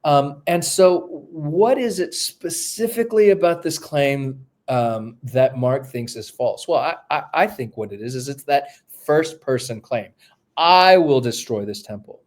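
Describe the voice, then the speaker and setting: A man's voice: medium pitch, animated, a little slow, hardly any pauses, darkish tone. A male New Testament scholar, a podcast guest, explaining texts step by step while thinking aloud with many fillers and restarts. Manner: lecturing, walks through texts step by step.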